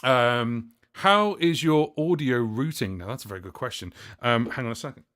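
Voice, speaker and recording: A man's voice: mid-range voice, normal speed, few pauses, a bit bright. Chatty man hosting a music livestream. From United Kingdom. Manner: chatty and rambling, many fillers and self-corrections. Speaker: livestream host and looping musician. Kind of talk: casual livestream chat answering viewer questions.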